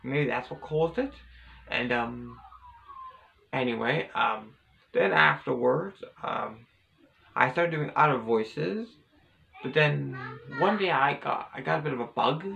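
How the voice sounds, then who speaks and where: Gravelly-voiced man rambling a story. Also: mid-range voice, expressive, slow pace, bright, forceful tone, a little hiss or hum, low-quality recording. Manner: rambling, hesitant, many restarts and fillers. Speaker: vlogger. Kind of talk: casual storytelling to camera.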